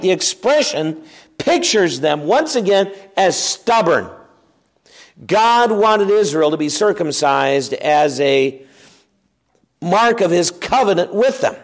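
Slow, emphatic male Bible teacher. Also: high-pitched. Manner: emphatic, reads scripture aloud then explains it.

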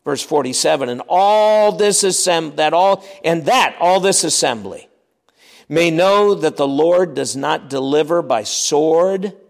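Lively preacher guy, gravelly, reads the verses big and dramatic, then goes quiet, long hall echo. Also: fairly high pitch, unhurried. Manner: lively, emphatic, reads scripture aloud with dramatic swings in volume. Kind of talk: expository sermon.

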